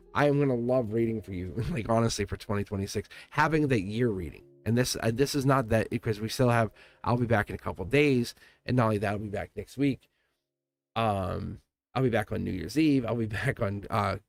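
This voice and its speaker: A man giving a live tarot reading to viewers, talking in an earnest, rambling way, repeating phrases and correcting himself mid-sentence. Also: medium pitch. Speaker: tarot reader.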